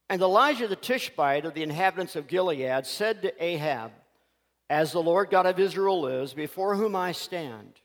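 Male preacher, high voice, folksy animated storyteller, church hall reverb. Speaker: pastor. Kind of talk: sermon with storytelling.

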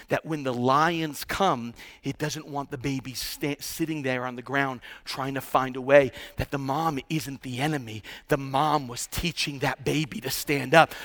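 A man preaching with lively, bright energy, his voice sitting high for a man. He tells stories with humor, acts out quotes in character, and swings between hushed moments and sudden loud bursts. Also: in a large hall. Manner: humorous storytelling. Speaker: guest pastor. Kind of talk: sermon.

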